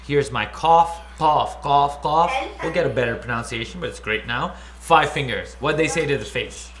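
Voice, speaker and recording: A man teaches the Arabic alphabet playfully, repeating each letter sound, using silly memory tricks and running call-and-response drills. His voice is medium-pitched, a bit bright, at normal speed. The room is echoey.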